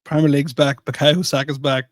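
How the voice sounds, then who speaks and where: Male co-host, slightly high voice, dry close mic, laughs a lot. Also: little pitch movement, brisk, dry recording. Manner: laughing, self-deprecating storyteller. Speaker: podcast co-host and stand-up comedian. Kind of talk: casual chat.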